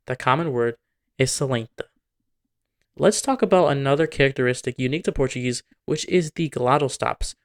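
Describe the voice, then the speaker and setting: A man narrating a scripted educational video, explaining points methodically and working example words into his explanations. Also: medium pitch. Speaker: language video host.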